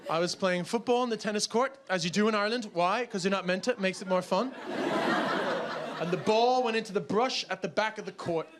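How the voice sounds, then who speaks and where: A man performing stand-up comedy, telling an animated story and shouting the punchlines. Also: high voice, fairly quick. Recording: live club recording with audience noise. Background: audience laughter.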